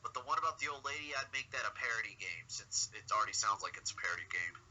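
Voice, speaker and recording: A man's voice: fairly low pitch, animated, fast talker, bright, forceful tone, highs cut off. A man co-hosting a podcast in casual chat, making dry, skeptical remarks. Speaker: podcast co-host.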